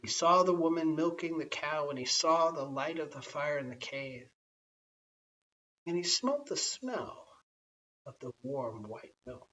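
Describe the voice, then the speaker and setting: A man reading a classic tale aloud as a bedtime story, in a gentle, measured storytelling manner. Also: a little high, expressive. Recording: slightly distant, dull lo-fi home recording.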